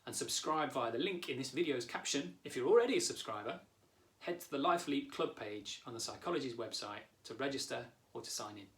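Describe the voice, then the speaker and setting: A man in his thirties, a therapist and coach, calmly explaining a coaching lesson straight to the viewer. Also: mid-range voice, fairly quick. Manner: calm, warm explaining, talks directly to the viewer.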